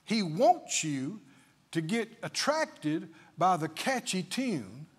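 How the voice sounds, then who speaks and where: A man's voice: high-pitched, big pitch swings, takes it slowly, husky. A male preacher delivering a sermon emphatically, full of rhetorical questions.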